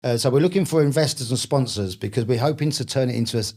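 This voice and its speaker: A middle-aged Cockney man, an author and actor, chats casually as a guest in an interview. His voice is medium-pitched, quick and a little mellow as he tells jokey stories full of swearing.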